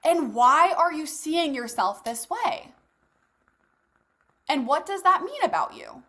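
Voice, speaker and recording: Young woman, high voice, motivational coach, casual, blunt, swears, talks straight to listeners. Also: very animated, slow pace, pushed and bright. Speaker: host leading a live masterclass.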